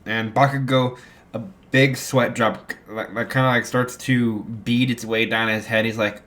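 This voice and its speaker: A man's voice: mid-range voice, steady tone, a little slow, a bit bright. A man improvising a fan story, rambling with many fillers and restarts. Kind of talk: improvised fan fiction narration.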